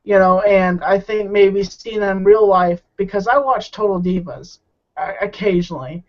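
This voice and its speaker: This interview guest has a high-pitched, somewhat mellow voice at normal speed. His casual talk is rambling and hesitant, full of restarts, and the recording sounds muffled and lo-fi.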